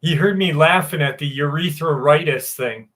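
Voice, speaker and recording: A man's voice: a little high, normal speed, fairly bright tone. A man in his forties hosting a livestream, answering viewers in casual, rambling chat with candid, crude humor. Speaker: livestream host.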